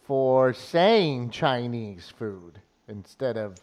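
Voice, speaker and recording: A man's voice: mid-range voice, expressive, extremely slow, a little mellow. A man co-hosting a live radio show, chatting and teasing his colleagues. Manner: chatty, laughs easily, teasing. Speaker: radio co-host. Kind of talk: casual studio banter.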